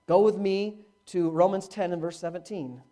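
A middle-aged male pastor preaching a sermon, with dramatic swings from hushed to loud. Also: normal speed. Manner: animated preaching with dramatic swings in pitch and volume. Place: church, live-streamed.

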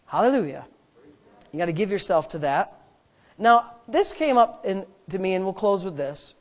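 A man's voice: high voice, big pitch swings, normal speed. A man, a pastor, preaching a sermon and driving points home with emphatic repetition.

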